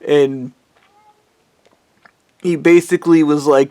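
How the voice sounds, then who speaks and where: Gravelly, angry man ranting. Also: mid-range voice, moderate pace, dry recording. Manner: angry, bitter, heavy swearing. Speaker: vlogger. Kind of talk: profane personal rant.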